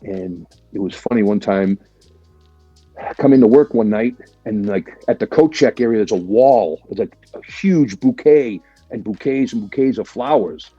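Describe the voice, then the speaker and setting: Casting note: man in his forties, an animated interview guest, warm husky voice on a dry, somewhat muffled podcast mic. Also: lowish voice, moderate pace, no room sound, soft background music. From Boston area, USA. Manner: chatty and animated, swears freely, leans on "right?" and "like". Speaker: guest, military veteran. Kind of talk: casual storytelling interview.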